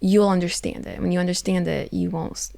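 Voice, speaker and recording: Woman, 30s, from Ukraine, interview guest, animated, mimics others. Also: lowish voice, a little fast, vocal fry, no room sound. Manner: animated, acts out voices of others. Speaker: interview guest, Paralympic athlete. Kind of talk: casual interview chat.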